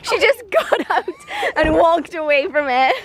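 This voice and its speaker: Giggly high-voiced woman vlogging. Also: measured pace, noisy background. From United Kingdom. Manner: giggly, excitable storytelling. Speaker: travel vlogger. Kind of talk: casual travel vlog chat. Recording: loud background music.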